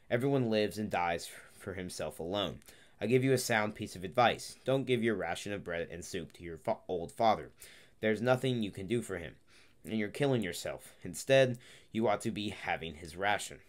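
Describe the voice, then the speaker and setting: A man's voice: on the low side, natural voice. A man reading the part of a hardened camp block leader giving blunt advice. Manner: blunt, lecturing.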